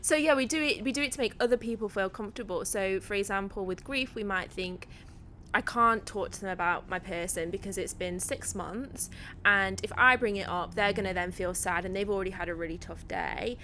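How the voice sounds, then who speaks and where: A woman's voice: mid-range voice, a little fast, pushed and bright, slight background noise. A woman who works as a grief educator, a guest on a podcast. She explains her ideas in an earnest way. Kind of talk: podcast interview.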